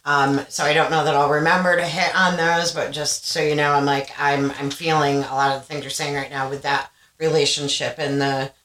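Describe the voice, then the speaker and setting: A woman's voice: low voice, level tone, brisk, few pauses, a bit bright, echoey room, rough recording. A woman co-hosting a podcast, chatting casually and relating to a friend's story in a rambling way. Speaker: podcast co-host. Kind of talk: casual chat.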